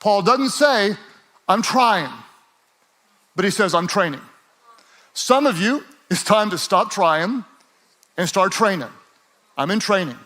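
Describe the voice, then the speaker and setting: High-voiced, energetic male preacher. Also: slow pace, long pauses. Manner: builds from relaxed joking to rising, emphatic exhortation; calls listeners to repeat lines aloud. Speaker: pastor. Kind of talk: sermon.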